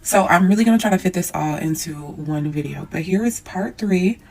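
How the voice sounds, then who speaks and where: A young woman casually telling a dramatic personal story to her viewers, animated, swearing, calling them y'all. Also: on the low side, normal speed, poor audio. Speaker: storyteller vlogger.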